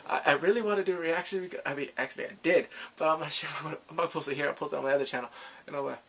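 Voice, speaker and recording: A man's voice: a little high, racing, creaky, a bit bright. A grown man chatting casually as a YouTube reviewer, rambling and fanboyish about a show he loved. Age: adult.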